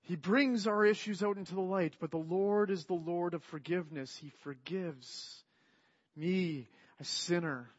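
Man preacher, earnest, fairly high voice, slightly dull recording; soft to emphatic sermon delivery. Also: unhurried. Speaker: pastor.

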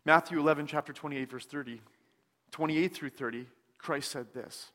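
Man, preacher, sermon, slightly high voice, very slow deliberate delivery, hushed softer passages, long church hall reverb. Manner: slow, deliberate delivery with frequent pauses, dropping softer on scripture. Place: church sanctuary.

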